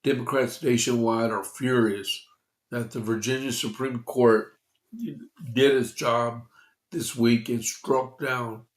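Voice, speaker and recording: Slow, congested male news podcaster. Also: mid-range voice, roomy sound. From Texas. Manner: slow, halting, with frequent fillers and restarts. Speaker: podcast host. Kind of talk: conservative news commentary, reading opinion pieces.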